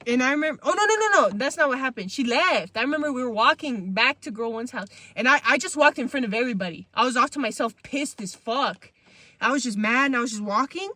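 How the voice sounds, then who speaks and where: A woman hosting a podcast, telling a story from her childhood in a casual, animated, slangy and profane way. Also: fairly high pitch, fast talker, no echo. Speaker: podcast host.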